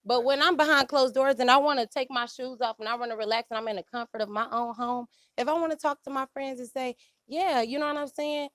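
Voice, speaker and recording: A woman's voice: high voice, fairly even intonation, quick pace, fairly bright tone, no room sound, studio quality. A woman from Detroit on a discussion panel, talking casually and emphatically, often checking in with "you know what I'm saying". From Detroit, USA.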